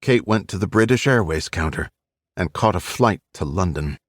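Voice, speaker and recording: A man reads a thriller audiobook aloud with brisk, storytelling energy. His voice sits very low yet swings widely in pitch, and the close studio sound is dry. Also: expressive, no echo. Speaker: audiobook narrator. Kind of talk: scripted narration.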